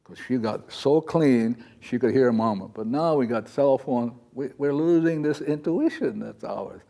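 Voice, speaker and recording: A man's voice: medium pitch, unhurried, vocal fry, warm tone. A man teaching a live audience in a loose, rambling, chatty way, often acting out little quoted voices as he talks. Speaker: spiritual teacher. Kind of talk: informal spiritual talk to a live audience. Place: talk in front of an audience.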